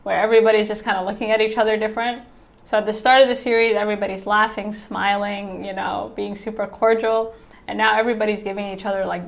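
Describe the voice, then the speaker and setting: A woman's voice: mid-range voice, a bit bright. A woman giving a casual TV episode recap, chatty, peppering her talk with "like" and "right?", acting out characters' lines in her own voice. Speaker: TV reviewer.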